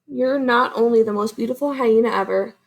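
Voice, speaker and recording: A woman's voice: on the high side, fairly quick. A woman voicing a loving mother hyena in a storybook read-aloud, doting and fussy.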